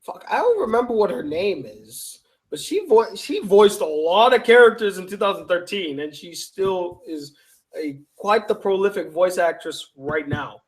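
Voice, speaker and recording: This YouTube host has a high, husky, expressive voice and talks at a moderate pace. Worn out and yawning, he goes through live chat comments and fires back loose, foul-mouthed jokes at his viewers.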